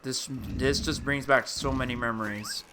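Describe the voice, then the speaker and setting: A man's voice: medium pitch, steady tone, normal speed, noisy background. A young man streaming live, talking casually to his chat in an emotional, rambling way, often saying dude. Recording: clear music playing behind. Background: music playing.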